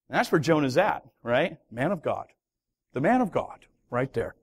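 A man, a pastor, preaching a sermon with dramatic storytelling that swings from loud to hushed. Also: medium pitch, sing-song, normal speed, breathy edge.

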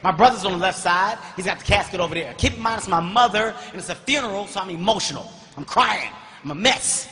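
A man performing a stand-up comedy routine, telling a story animatedly and often shouting, recorded live on stage. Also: high-pitched, quick pace, few pauses, long reverb tail, a little hiss or hum. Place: comedy stage before large audience.

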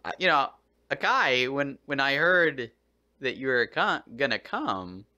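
A man's voice: medium pitch, very animated, measured pace, bright, forceful tone, dry recording, clean studio sound. A man vlogging casually, short on sleep, talking to his dog in an exasperated, swearing, mock-scolding way.

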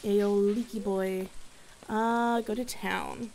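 A young woman casually commentating her gameplay, bubbly and excitable and chatting to her viewers. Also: fairly high pitch, takes it slowly, a little hiss or hum. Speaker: gaming video host.

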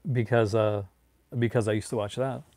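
A man's voice: on the low side, little pitch movement, normal speed, darkish tone, no echo. Rambling Newfoundland man, dry close sound. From Newfoundland, Canada. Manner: chatty and rambling, drifting between tangents. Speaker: streamer answering viewer chat. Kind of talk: casual live-stream chat.

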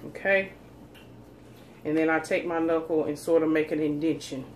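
A woman's voice: low-pitched, fairly even intonation, moderate pace, slight background noise. A woman, chatting folksily to viewers as she demonstrates cooking in her home kitchen. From North Carolina, USA. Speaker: cooking channel host.

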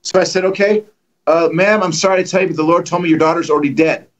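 A middle-aged man preaching, telling testimony stories in an animated way and acting out the dialogue. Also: high voice, quick pace, muffled recording. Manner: animated, acts out dialogue with lively voices. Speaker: guest preacher. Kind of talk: storytelling testimony.

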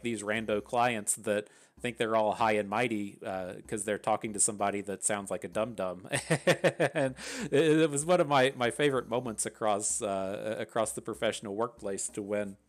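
A man from West Virginia with a thick Appalachian accent, chatting casually and rambling through gameplay commentary, swearing freely. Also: on the low side. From West Virginia, USA. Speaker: gaming channel host.

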